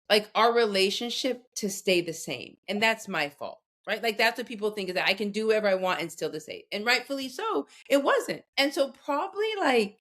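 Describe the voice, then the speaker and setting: A woman's voice: mid-range voice, a bit bright. A woman in her forties talking as a podcast guest, telling candid personal stories in an earnest, direct way. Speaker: guest expert on conflict. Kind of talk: casual podcast conversation.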